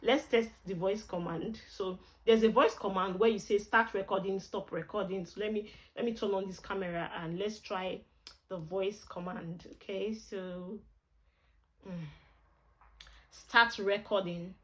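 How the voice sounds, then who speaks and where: A woman's voice: mid-range voice, fairly even intonation, measured pace, rough recording. A woman with a Nigerian accent, chatting casually and expressively through a camera review vlog, with pidgin exclamations.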